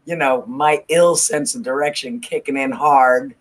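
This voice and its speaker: A woman's voice: extremely low pitch, fairly even intonation, a little slow. A woman co-hosting a casual podcast chat, laughing often and poking fun at herself. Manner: laughs often, self-deprecating. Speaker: podcast co-host.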